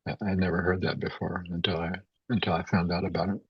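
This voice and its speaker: A man giving a spiritual talk as a teacher, speaking haltingly with many repeated words and fillers. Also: low voice, little pitch movement, slightly rough, dry recording. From United States. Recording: dull, dry, lo-fi sound.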